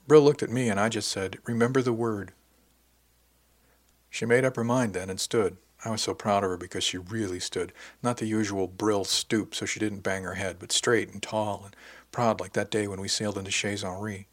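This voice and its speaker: A man reading a novel aloud in the first person, his voice sitting on the low side. The telling is dry and wry, steady and unhurried. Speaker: audiobook narrator.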